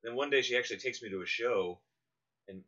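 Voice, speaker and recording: A man co-hosting a casual radio chat, telling animated anecdotes and laughing often. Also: mid-range voice, fast. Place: small one-room apartment. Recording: dull lo-fi radio recording.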